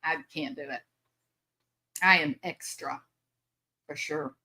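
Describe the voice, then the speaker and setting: A woman's voice: deep voice, slow pace, pushed and bright. A chatty, bubbly older woman, hosting a casual live stream and laughing often. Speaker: livestream host.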